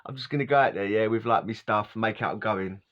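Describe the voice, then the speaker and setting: A meek, appeasing youth worker with a South African accent, as a London man puts him on in a story. The voice is lowish and mild, with a dull, lo-fi sound. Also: a little fast, close to an everyday voice. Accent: South African, put on.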